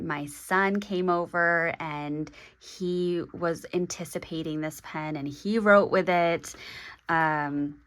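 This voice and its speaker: A woman in her forties talking through an unboxing vlog, halting and hesitant, with many pauses and restarts. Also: sits low, a bit bright, slight background noise. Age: 40s. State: emotional, getting teary. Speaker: stationery vlogger.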